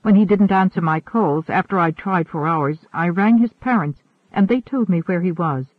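A woman's voice: fairly low pitch, normal speed, no echo, lightly acted. A man voicing an earnest, tired woman who leads a community group, speaking urgently and apologetically. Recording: narrow phone-like sound.

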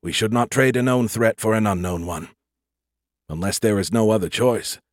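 A man's voice: lowish voice, normal speed, dry recording, clean studio sound, close to an everyday voice. A man voicing a reserved, stern British male soldier who leads a team, with a British accent and a clipped manner. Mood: measured.

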